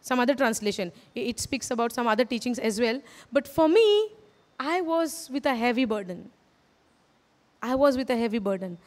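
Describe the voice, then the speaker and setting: A woman's voice: on the high side, lively intonation, moderate pace. A woman with an Indian English accent preaching a sermon, earnest and repetitive, often asking her listeners questions. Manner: earnest, repeats phrases, asks the audience questions. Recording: hall reverb.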